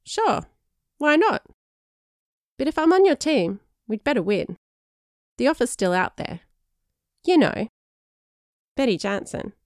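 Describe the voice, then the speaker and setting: A woman's voice: high-pitched, very animated, takes it slowly, pauses often, a little mellow, no room sound, clean studio sound, pitched above the performer's own voice, heavily acted. A woman voicing a sparky, mischievous teenage girl with a playful, teasing way of talking.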